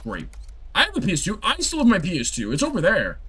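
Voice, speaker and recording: A man's voice: sits high, wildly swooping pitch, fast talker, heavy background noise. Young guy streaming a horror game, rambling and exasperated, voice jumps all over. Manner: rambling, exasperated, talks to chat. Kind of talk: live gameplay commentary.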